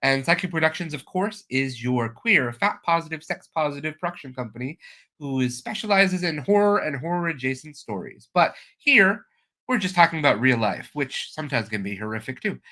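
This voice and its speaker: A man's voice: on the high side, expressive, a little fast, pushed and bright. A man hosting a live stream chat show, talking in an enthusiastic, chatty way with plenty of fillers. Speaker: host.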